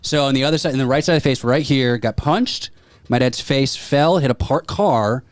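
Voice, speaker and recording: A man's voice: mid-range voice, moderate pace, no echo. A man on a podcast telling a story in casual chat, acting out the people he quotes. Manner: animated retelling with quoted voices. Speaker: podcast co-host.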